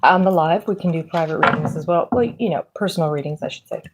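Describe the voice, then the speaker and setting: A woman's voice: low-pitched, quick pace, heavy background noise. A woman with a Midwestern accent giving a casual, rambling tarot reading, chatty, laughing often and using lots of fillers. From Pennsylvania. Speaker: tarot reader.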